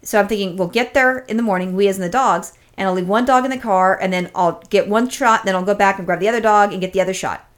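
Woman, podcast co-host, casual storytelling, profane, rambling, acts out quotes, middle pitch. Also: quick pace.

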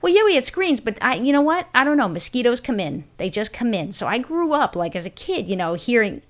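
A woman from Brooklyn, co-hosting a podcast and telling a story in an exasperated, animated way. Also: on the high side, brisk. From Brooklyn, New York. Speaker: podcast co-host. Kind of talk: casual comedic chat.

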